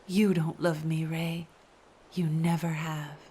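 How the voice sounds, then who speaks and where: A woman voicing a sorrowful ghostly woman from the sea, in a hushed, slow, sighing whispered role-play. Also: low voice, flat delivery, a little hiss or hum, pitched below the performer's own voice. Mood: sad.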